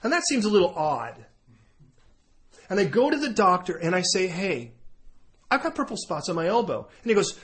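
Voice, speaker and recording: Animated man preaching a story. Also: high-pitched, normal speed, pauses often. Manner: animated storytelling, switching between characters' voices. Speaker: pastor. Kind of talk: sermon illustration with acted dialogue.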